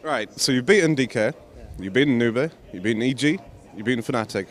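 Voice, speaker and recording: A man's voice: medium pitch, animated, a little fast. A man interviewing a pro gamer at an esports event, firing off prompting questions.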